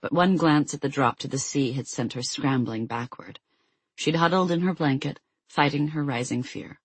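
An audiobook narrator reading a novel aloud in a measured, steady storytelling voice. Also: medium pitch, husky, dry recording.

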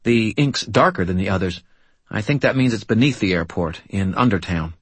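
Weary bald medium, rasping, quiet and measured, higher-pitched than the narrator, read by a man, close and dry. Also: no echo. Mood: exhausted. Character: weary bald male medium, calm and focused.

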